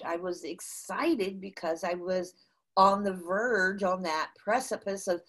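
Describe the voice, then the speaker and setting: An older American woman, appearing as an interview guest, tells a business story with animation and restarts herself often. Her voice is lowish.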